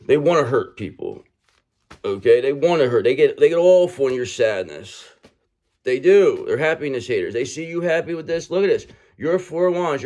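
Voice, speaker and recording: A man in a casual tarot reading, talking in a mid-range voice with blunt, emphatic delivery. He swears freely and keeps checking in with "okay?" after nearly every point. His manner is rough and conversational, like a straight-talking reader speaking to his viewers. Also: mid-range voice, darkish tone.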